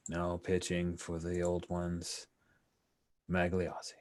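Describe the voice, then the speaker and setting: A man's voice: sits low, measured pace. Laid-back man running a tabletop baseball game. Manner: relaxed, chatty, full of fillers, commentator flourishes. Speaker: game master. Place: online call with screen sharing.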